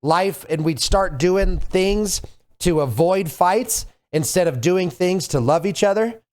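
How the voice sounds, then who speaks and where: A man's voice: high voice, lively intonation, slow, a little mellow. A man hosting a casual podcast, talking earnestly and reflectively, giving heartfelt advice over a video call. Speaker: podcast host.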